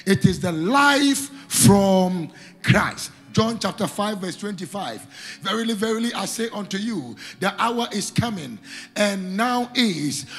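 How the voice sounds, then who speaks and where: A man preaching a sermon, calling out to the congregation and rising into shouted, sing-song lines. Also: high voice.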